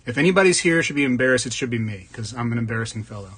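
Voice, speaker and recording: A man's voice: mid-range voice, animated, racing, fairly bright tone, breathy edge. A man hosting a casual livestream, greeting viewers by name and joking along as he reads the chat. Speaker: livestream host. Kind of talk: casual live chat reading comments.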